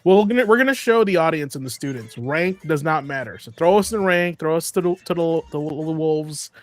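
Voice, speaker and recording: Man, gaming stream co-host, somewhat high voice, very animated, easygoing, slangy. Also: a little fast, dry recording. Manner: laid-back, laughs often, says "bro" and "dude". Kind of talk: casual gameplay chat.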